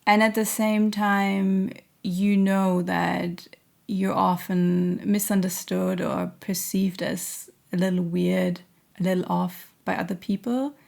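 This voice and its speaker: A woman giving a spiritual reading to camera, gentle and earnest, hesitant and searching with many pauses and fillers. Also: medium pitch, little pitch movement, gravelly. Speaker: intuitive reader.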